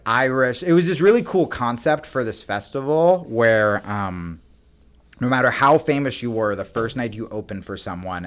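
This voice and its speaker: A young adult man from the United States, a comedian guest telling rambling, profane stories full of fillers in casual chat. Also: medium pitch. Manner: rambling, profane, animated anecdotes with many fillers.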